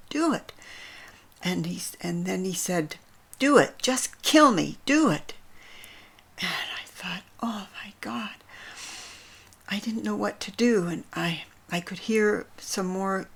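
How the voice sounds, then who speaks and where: Older granny, low gravelly voice, talks soft and earnest, lots of breathy near-whispers. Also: female voice. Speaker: vlogger. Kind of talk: personal storytelling to camera.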